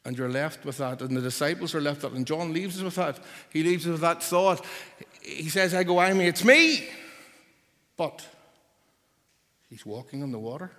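A man's voice: fairly high pitch, brisk. Man, preacher, sermon, emphatic repeated declarations, reverberant church hall.

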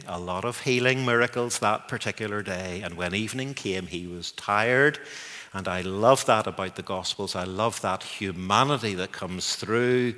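Man preaching a sermon, unhurried and emphatic, bright tone, echoing church hall. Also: fairly low pitch. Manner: emphatic, repeats words for weight. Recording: long echoing hall reverb.

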